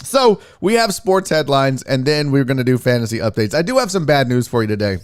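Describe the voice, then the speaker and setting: A man hosting a sports livestream, talking casually and firing off quick shout-outs to viewers in the chat. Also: mid-range voice, expressive, smooth. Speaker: sports show host.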